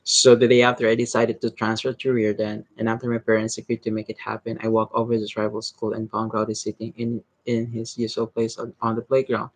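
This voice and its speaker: Brief: man doing a halting read-aloud of a novel, husky and gravelly, dry close sound. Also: on the low side, monotone, dry recording, low-quality recording. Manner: halting reading, stumbles and restarts words. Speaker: reader.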